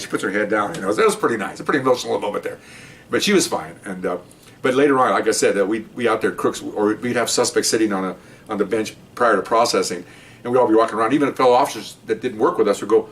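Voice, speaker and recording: Fast-talking retired cop telling stories. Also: male voice, fairly bright tone, far from the mic. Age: older. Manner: chatty, repeats "okay?" and acts out quotes in higher voices. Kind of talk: casual anecdote storytelling.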